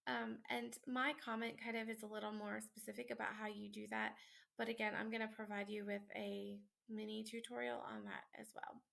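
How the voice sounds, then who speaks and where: Tired woman teacher walking thru a paper, super gravelly voice, kinda high, lots of ums and likes. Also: level tone, fairly quick, fairly bright tone. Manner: casual, chatty, many ums and likes. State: tired and yawning late at night. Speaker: college instructor. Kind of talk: screen-recorded lesson walkthrough.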